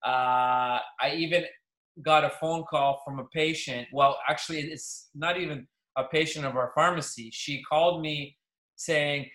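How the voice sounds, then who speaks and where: Profane animated man in an echoey room. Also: on the high side, measured pace. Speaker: podcast co-host, pharmacist. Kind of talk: casual chat.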